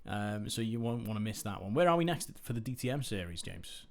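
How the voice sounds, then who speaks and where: A man hosting a live stream and giving sim racing commentary, laid-back in chat and excited in the play-by-play. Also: fairly low pitch, a little fast, vocal fry. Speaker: race commentator and stream host.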